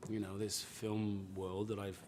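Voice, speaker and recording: Welsh guy, lowish voice, laid back and teasing, faint bar hum behind. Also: flat delivery, a little slow, darkish tone. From Wales. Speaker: guest actor. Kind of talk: casual interview chat.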